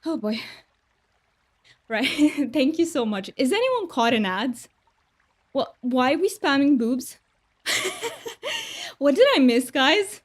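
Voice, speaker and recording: A woman's voice: sits high, very animated, slow pace, pauses often. A woman streamer chatting casually with her viewers while gaming, bubbly and laughing often. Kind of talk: casual live-stream chat.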